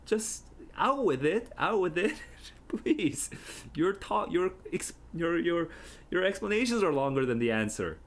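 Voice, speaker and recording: A man's voice: medium pitch, lively intonation, normal speed, voice pushed up, lightly acted. A man reading aloud as Juliet, an impatient, eager teenage girl pleading for news. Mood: exasperated. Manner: pleading, exasperated.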